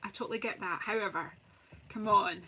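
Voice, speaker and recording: A woman's voice: medium pitch, fairly even intonation, brisk, bright, forceful tone, breathy edge, dull audio. A Scottish woman hosting a live crafting stream, chatting and joking with viewers as she works and greeting them by name. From Scotland. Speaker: craft channel host.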